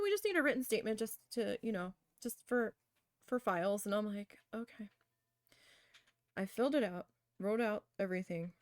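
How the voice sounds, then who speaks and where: A woman's voice: medium pitch, gravelly, no echo, studio quality. A woman casually telling a long personal story while crafting, chatty, with many fillers, acting out what she and others said. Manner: chatty, lots of fillers, quotes herself animatedly. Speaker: crafting vlogger.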